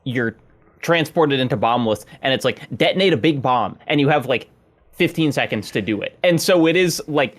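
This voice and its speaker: A man co-hosting a games podcast, chatting in an animated way and acting out reactions. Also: mid-range voice, moderate pace. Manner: animated, acts out reactions in quotes. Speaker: podcast co-host. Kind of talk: casual chat.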